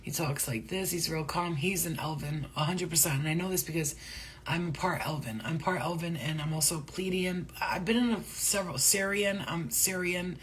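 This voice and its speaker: A woman giving a casual spiritual reading to her viewers, talking in a rambling, excitable and profane way. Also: on the low side, moderate pace, slightly rough. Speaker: spiritual reader.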